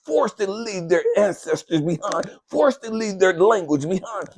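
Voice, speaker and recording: A spiritual coach tears into his listeners in a fierce, profane motivational monologue. His voice is raspy, his pitch swings widely, and he scolds like a preacher. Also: animated, normal speed.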